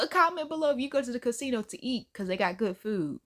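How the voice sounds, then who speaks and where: A woman's voice: a little high, sing-song, brisk, fairly bright tone. A woman hosting a reaction video, chatting in a playful, slangy way and laughing often. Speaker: host reacting to clips. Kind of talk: casual reaction commentary.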